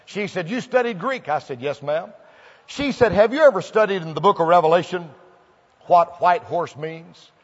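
A man preaching a revival sermon, telling folksy stories and building to fervent shouting. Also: high voice, normal speed. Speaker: pastor. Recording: muffled old recording in a large hall.

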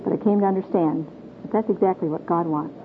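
A woman's voice: fairly low pitch, quick pace. A middle-aged woman from Michigan teaching a Bible class to a group in a folksy, earnest way, asking her listeners questions. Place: meeting room with a group. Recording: tinny phone-like old tape with faint hiss.

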